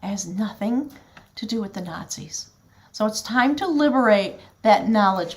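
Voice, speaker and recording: A woman's voice: medium pitch, expressive, normal speed. A woman gives a spiritual tarot reading, talking directly to her audience in an earnest, flowing manner. Her voice sits in an ordinary middle range for a woman, and she sounds heartfelt and sincere throughout. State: choked up with emotion at times. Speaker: tarot reader.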